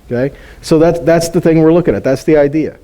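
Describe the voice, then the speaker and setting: Guy preaching casual bible teaching, fairly high voice, mellow, tosses rhetorical questions. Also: fairly quick. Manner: conversational, rhetorical questions, chuckling asides. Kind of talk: informal sermon teaching.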